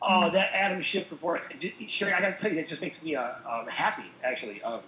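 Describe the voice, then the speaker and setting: A man co-hosting a casual political talk show, animated and laughing often. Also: on the high side, fast, a little hiss or hum. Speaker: co-host. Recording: echoey lo-fi call audio.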